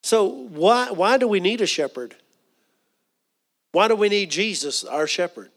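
A man's voice: sits high, expressive, unhurried. A middle-aged man preaching a sermon. He often repeats words and asks the congregation questions. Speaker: pastor.

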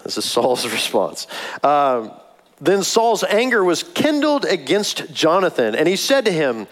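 Lively, animated male preacher. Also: on the high side, normal speed, poor audio. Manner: animated, conversational preaching with humor. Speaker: pastor. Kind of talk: sermon.

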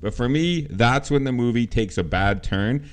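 A man's voice: medium pitch, animated, moderate pace. A man co-hosting a casual film podcast, talking emphatically, swearing often and repeating himself. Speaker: podcast co-host.

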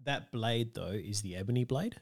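A man's voice: medium pitch, normal speed, no echo, studio quality. A man co-hosting a casual podcast, laughing often as he explains comic-book lore at length. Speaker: podcast co-host. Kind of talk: casual film discussion.

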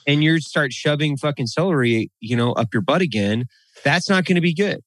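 A man talking bluntly and with a lot of swearing in a casual podcast chat, getting animated when he rants. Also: a little high, fairly quick, no room sound.

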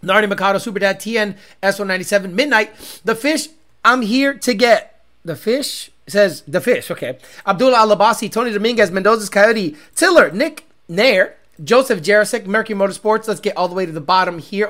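A man's voice: sits high, expressive, fairly quick. Brash, cursing male streamer. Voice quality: profane, loud and brash, shouts sponsor names. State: congested, out of breath. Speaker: car-scene livestream host. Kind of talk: profane casual livestream rant.

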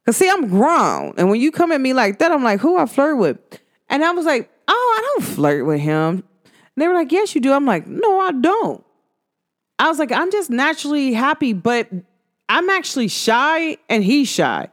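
Chatty young woman, animated podcast talk. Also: high-pitched, moderate pace. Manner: animated, chatty, laughs often, acts out quoted dialogue. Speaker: podcast host. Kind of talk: casual solo podcast talk.

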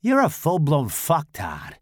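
A man voicing a brash, crude young man who talks in a loud, mocking, swaggering way. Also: a little high, huge pitch swings, slow, dry recording, clean studio sound, pitched above the performer's own voice, heavily acted.

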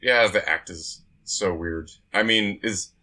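A man co-hosting a podcast in casual chat, measured and thoughtful. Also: sits low, sharp tone. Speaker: podcast co-host.

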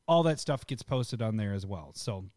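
A man hosting a podcast, casually explaining voting and a giveaway in a relaxed, rambling way. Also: fairly low pitch, moderate pace, a little hiss or hum. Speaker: podcast host.

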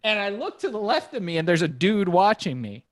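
Animated, swearing male storyteller, dry sound. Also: high-pitched, dry recording. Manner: profane, animated, quick laughs. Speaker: podcast guest.

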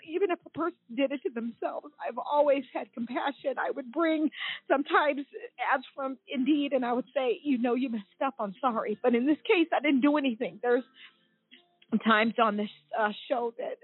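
A woman in her forties from the United States, a guest telling her own story on a talk show, emotional and halting with many fillers and restarts. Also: high-pitched, breathy edge, dry recording. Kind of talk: personal account on a talk show. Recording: tinny phone line.

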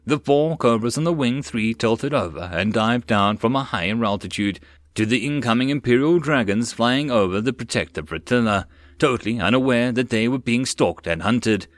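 Amateur audiobook narrator: a man with a mid-range voice, plain steady reading, dry booth sound. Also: mid-range voice, no echo. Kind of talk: reading a web novel aloud.

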